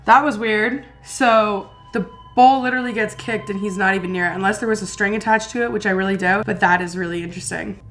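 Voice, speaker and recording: A woman's voice: medium pitch, fairly quick, hardly any pauses, a bit bright, faint music behind. A woman hosting a casual video reaction, chatty and easily spooked, talking about pets and ghosts.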